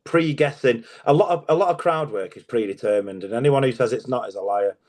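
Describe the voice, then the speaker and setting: Middle-aged male comic, mid-pitched, loose storyteller who swears a lot. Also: fairly quick, darkish tone. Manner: chatty storyteller, swears freely, laughs often. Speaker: guest comedian. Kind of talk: casual interview chat.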